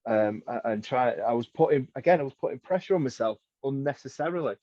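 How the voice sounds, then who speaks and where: A man's voice: medium pitch, animated, quick pace, warm tone, no room sound. A man, a podcast guest, talking in a candid, rambling, reflective way. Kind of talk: casual podcast chat. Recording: dull dry lo-fi audio.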